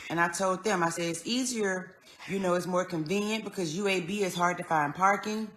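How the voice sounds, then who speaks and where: A woman telling a personal story in an earnest, conversational way, going soft and then raised as she relives moments. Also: lowish voice, brisk, a little hiss or hum. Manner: earnest, conversational, swings between quiet and raised when retelling. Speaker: vlogger.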